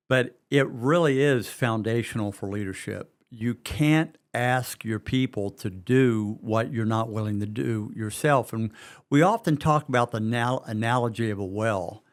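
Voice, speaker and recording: A middle-aged man with a West Virginia Southern accent, co-hosting a leadership podcast in an earnest, conversational way. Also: mid-range voice. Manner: slow, earnest, repeats words while reasoning.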